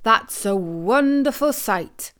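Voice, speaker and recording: A woman's voice: mid-range voice, measured pace, natural voice. A woman voicing a cunning old male soldier, a sly trickster in a storybook tale.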